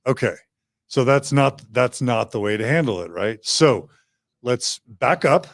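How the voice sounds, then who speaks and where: A man's voice: mid-range voice, lively intonation, a little slow, vocal fry, dry recording, studio quality. A man hosting a podcast, earnestly walking through a coaching scenario step by step. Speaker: podcast host. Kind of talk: coaching demonstration.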